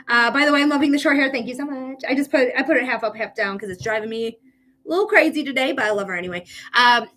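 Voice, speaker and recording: A woman's voice: sits high, fast talker, a bit bright, slight background noise. A woman hosting a live psychic reading stream, chatting casually with viewers and swearing now and then.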